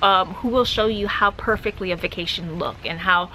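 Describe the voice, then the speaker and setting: A woman travel vlogger talks to camera in a casual, candid chat. Her speech is quick and tumbles along, and her voice sounds bright and tense. A faint noise sits behind her. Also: fairly low pitch, rough recording. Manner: fast, chatty, candid.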